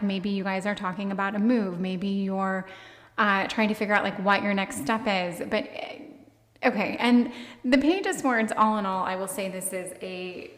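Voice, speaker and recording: Lady doing a chatty tarot reading, mid-pitched voice, kinda rambly, long echo around her. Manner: rambling, searching for words, many fillers. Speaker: tarot reader. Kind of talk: casual tarot card reading to viewers.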